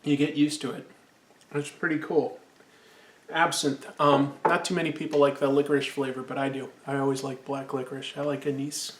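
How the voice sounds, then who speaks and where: A man's voice: mid-range voice, level tone, normal speed, roomy sound, slight background noise. A man casually reviewing an old comic, rambling and enthusiastic while sipping absinthe.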